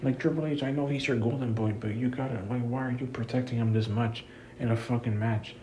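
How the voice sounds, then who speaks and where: A man's voice: medium pitch, fairly even intonation, a little fast, mellow, slight background noise. A young man giving a profane, exasperated review rant about a wrestling event, repeating himself and calling the listener "bro.". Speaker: wrestling commentator. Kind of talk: ranting review.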